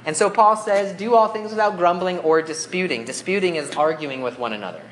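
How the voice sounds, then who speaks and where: A man's voice: sits high, brisk, a bit bright, a little hiss or hum. Young male youth pastor, chatty sermon delivery, roomy echo. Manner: casual, conversational preaching with fillers; acts out whiny grumbling voices. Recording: echoey room with faint ambience.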